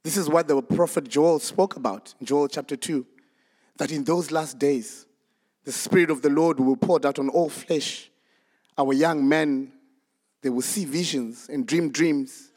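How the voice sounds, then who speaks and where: Animated male preacher, fairly high voice. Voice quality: animated storytelling, acts out voices. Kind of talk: sermon.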